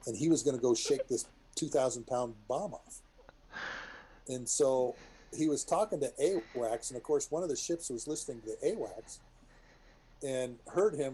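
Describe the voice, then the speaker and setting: A middle-aged man, a retired military pilot, telling rambling war stories to a group in a casual, animated way. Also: medium pitch, normal speed, slightly rough, rough recording. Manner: rambling, animated, many restarts and asides.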